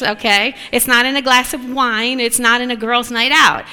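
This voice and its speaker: Bright-voiced woman preaching in a reverberant hall. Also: on the high side, normal speed, hardly any pauses, smooth. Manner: animated, affirming, asks the listeners for agreement. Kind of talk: sermon.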